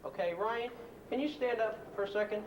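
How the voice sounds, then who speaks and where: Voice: mid-range voice, fairly quick, low-quality recording. A patient presenter coaxes a child through safety questions in an old instructional video. The voice sits mid-range, and faint noise lies under it. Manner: patient, coaxing, asks leading questions.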